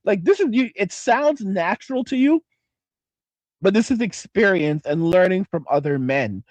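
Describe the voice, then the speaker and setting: A man hosting a livestream and reading chat, talking casually in a profane, excitable, rambling way. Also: a little high, no room sound, muffled recording. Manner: profane, excitable, trails off and restarts.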